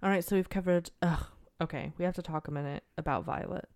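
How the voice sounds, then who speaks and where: A woman's voice: lowish voice, fast, a little mellow. A young woman co-hosting a casual chat, giving emphatic, gushing opinions. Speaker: podcast co-host.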